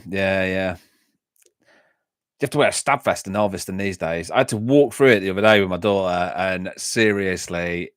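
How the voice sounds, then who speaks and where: A man's voice: medium pitch, no echo. Middle-aged man, English Midlands accent, rambling chatty livestream talk, dry close sound. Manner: chatty, laughs often, rambling anecdotes. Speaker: YouTube channel host. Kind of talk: casual livestream chat reading comments.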